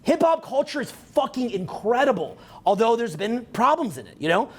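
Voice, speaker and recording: Brash Canadian coach in his forties, raspy throat, pitch swinging wide, cursing through a live talk. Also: moderate pace. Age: 40s. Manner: brash, profane, animated lecturing with mocking put-on voices. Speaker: dating and social skills coach. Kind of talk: live seminar talk to a crowd.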